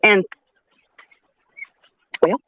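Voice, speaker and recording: Speaking very slowly in a pushed, bright voice, an older woman shares a story on her livestream, the audio lo-fi with no room sound. Her casual telling is blunt and profane, punctuated by laughs between sentences.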